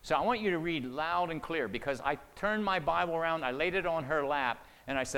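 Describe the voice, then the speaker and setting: Man, fairly high voice, storytelling preacher, hushed asides and loud emphatic peaks, long hall reverb. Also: brisk, hardly any pauses, clean tone. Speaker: pastor. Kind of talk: sermon with storytelling.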